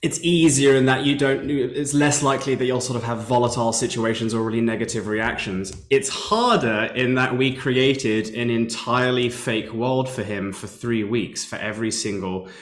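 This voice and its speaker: A man's voice: mid-range voice, normal speed, hardly any pauses. British man with a roomy echo. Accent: British English. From Britain. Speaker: executive producer. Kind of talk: video call interview.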